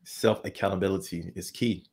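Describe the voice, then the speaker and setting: A man's voice: low voice, fairly even intonation, normal speed, a little mellow, breathy edge. A man hosting a podcast interview, easygoing and affirming as he leads the conversation. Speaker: podcast host.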